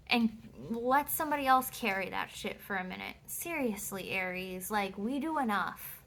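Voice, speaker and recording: A woman's voice: medium pitch, lively intonation, moderate pace, gravelly, hardly any pauses, a bit bright. A woman giving a casual tarot reading at home, blunt and emphatic, swearing freely as she reads out card texts. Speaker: tarot reader.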